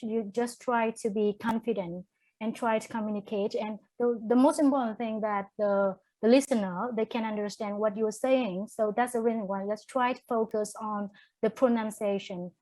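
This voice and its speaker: A woman's voice: a little high, mellow, no room sound, poor audio. Vietnamese-accented woman panelist, hesitant, dry close sound. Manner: hesitant, with restarts. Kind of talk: webinar panel discussion.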